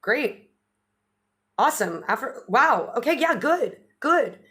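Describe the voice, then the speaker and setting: A woman's voice: a little high, animated, slow, a bit bright, pitched above the performer's own voice. A woman plays Pluto as a tired manager holding a performance review. The voice stays close to her own, dry and businesslike, giving out clipped remarks. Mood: approving. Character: Pluto as a weary boss doing a performance review.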